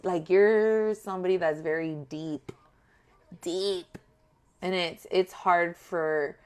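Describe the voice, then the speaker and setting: A woman giving a casual tarot reading to her viewers, talking in a blunt, profane and animated way. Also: lowish voice, slow, clear, resonant tone. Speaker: tarot reader.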